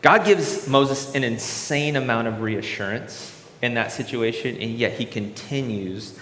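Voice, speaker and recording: Casual, animated male preacher; roomy, long-reverb hall sound. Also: medium pitch, measured pace. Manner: animated, acts out voices in examples. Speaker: pastor. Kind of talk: sermon.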